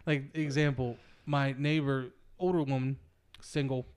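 A man's voice: medium pitch, flat delivery, a little slow, a little mellow, clear, resonant tone. A man in his thirties chatting casually and telling stories with a laugh. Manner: chatty storyteller, laughs at his own jokes. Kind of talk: casual chat.

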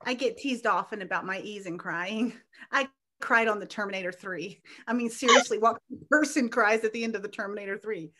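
A woman author, a guest on a podcast, speaking earnestly about faith and slowing down to stress her points. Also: medium pitch, sharp tone. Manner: earnest, faith-filled, slows for emphasis. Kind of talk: casual chat.

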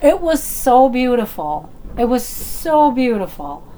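A middle-aged woman telling a personal story in a chatty, animated way, with fillers and restarts. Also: on the high side, slow pace.

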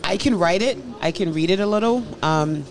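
A woman's voice: lowish voice, animated, moderate pace. An American woman in her thirties, a guest professor, talking frankly in a casual chat and acting out quotes with little voices. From United States. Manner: frank storytelling, acts out quotes in other voices, swears freely.

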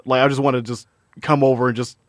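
A man's voice: mid-range voice, little pitch movement, fast, dry recording, clean studio sound. A man co-hosting a casual gaming podcast, laid-back and filler-heavy. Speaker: podcast co-host.

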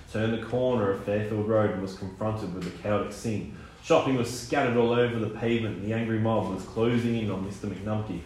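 A man reading a children's story aloud, animated, with wide swings in pitch and loudness. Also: a little hiss or hum. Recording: echoey room with faint ambience.

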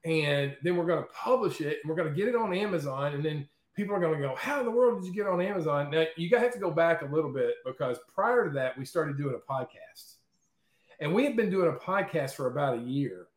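Animated man telling stories, roomy sound. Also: a little high, fast talker. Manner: animated, chatty, frequent "okay?" and "right?". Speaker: interview guest. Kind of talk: casual storytelling in an interview.

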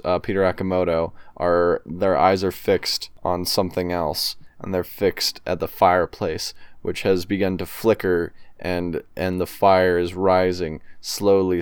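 Deep, smooth man narrating a scene. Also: no echo. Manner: measured, descriptive storytelling. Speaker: podcast co-host.

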